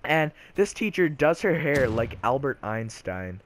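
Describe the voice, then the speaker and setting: A man's voice: medium pitch, big pitch swings, a little slow, a little hiss or hum. A teenage boy casually telling a storytime vlog in a loose, chatty way full of fillers. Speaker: vlogger, storyteller.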